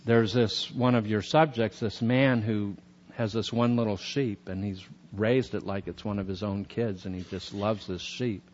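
A man's voice: lowish voice, fairly even intonation, a little slow, darkish tone, dull audio, a little hiss or hum. A man teaching a sermon on scripture in a chatty, conversational way, with many fillers. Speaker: preacher.

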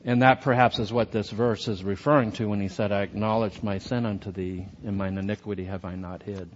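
A man's voice: on the low side, fairly even intonation, brisk, dull audio, slight background noise. A man teaching a sermon on scripture in a chatty, conversational way, with many fillers. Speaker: preacher.

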